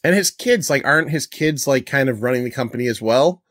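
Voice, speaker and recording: A man's voice: mid-range voice, expressive, a little fast, fairly bright tone, no echo, clean studio sound. A man hosting a podcast, chatting in a laid-back, rambling way. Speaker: podcast host. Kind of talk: casual chat.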